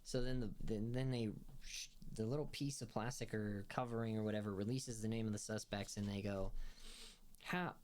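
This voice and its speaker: A man's voice: lowish voice, steady tone, a little fast, a little mellow. A man hosting a film review podcast, recapping episodes in a rambling, casual way full of fillers and restarts, laughing as he retells scenes.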